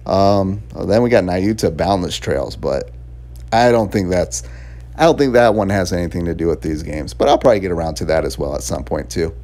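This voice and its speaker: A man with a deep, low-pitched voice talks through a game review in a loose, chatty way. He rambles, circles back on his points and laughs between thoughts. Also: fairly quick, warm tone. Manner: rambling and chatty, laughs often, fillers and restarts. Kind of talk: casual spoken game review.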